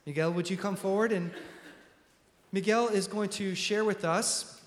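Halting man addressing church in echoey hall. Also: high voice, steady tone. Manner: warm, halting, many ums and restarts. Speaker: pastor hosting a church service. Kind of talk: church announcement from the pulpit. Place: large church sanctuary.

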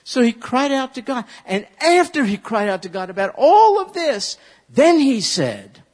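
A man preaching a sermon as a pastor, animated and leading his listeners in repeating a verse aloud. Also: very high-pitched, measured pace. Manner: animated, leads congregation in call-and-response recitation. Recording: long reverb of a large hall.

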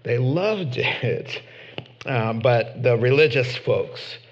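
A man preaching a sermon in an animated, emphatic way, with sudden loud bursts. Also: medium pitch, slow, muffled recording. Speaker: pastor.

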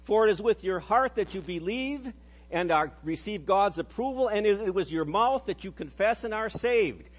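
A high-pitched man in middle age delivers a sermon. He speaks earnestly and slows down to stress the phrases that matter, then drops low and quiet for the solemn lines. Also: lively intonation, slightly rough. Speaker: pastor.

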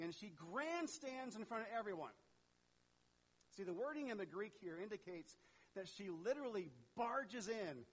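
Male pastor, high and very lively voice, chatty sermon delivery. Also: low-quality recording. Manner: animated, conversational, talks straight to the congregation.

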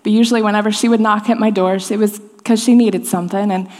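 A woman's voice: medium pitch, steady tone, fast talker, darkish tone. A woman in her thirties giving a sermon, telling a personal story in a loose, conversational way with lots of restarts. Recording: long hall reverb.

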